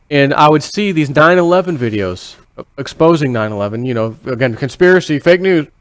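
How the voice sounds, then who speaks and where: A man's voice: a little high, no echo. A man from the United States talking in a casual, rambling monologue. He repeats himself, swears casually and acts out inner voices as quoted thoughts. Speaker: vlogger.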